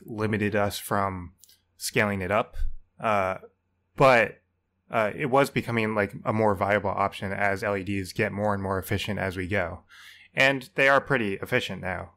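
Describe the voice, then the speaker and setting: A man co-hosting a podcast, explaining his answer in a relaxed, casual way with lots of "like". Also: lowish voice. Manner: relaxed, explanatory, uses "like" a lot. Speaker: podcast co-host.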